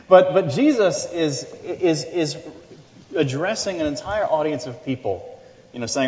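A man's voice: on the high side, animated, unhurried, pauses often, a little mellow, long reverb tail, highs cut off. A middle-aged man preaching a sermon in a conversational way, often restarting and adding asides. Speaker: pastor.

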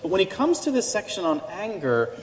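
A man's voice: high voice, huge pitch swings, a little fast, in a large hall, muffled recording. A middle-aged man preaching a sermon in a conversational way, often restarting and adding asides. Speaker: pastor.

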